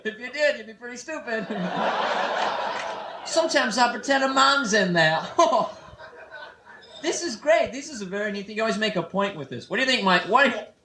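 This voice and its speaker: Brief: high-voiced young male comic, crowd-teasing stand-up, echoey club with audience noise. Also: expressive. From San Francisco. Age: 20s. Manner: loose, teasing crowd work with quick put-on voices. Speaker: stand-up comedian. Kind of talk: live stand-up set. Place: comedy club. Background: audience laughter.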